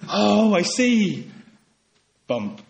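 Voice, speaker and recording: A man delivers a sermon in a fairly high voice. He pleads earnestly with his listeners, building to emphatic peaks before dropping back to quiet, soft passages. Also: big pitch swings, very slow, gravelly. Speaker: preacher.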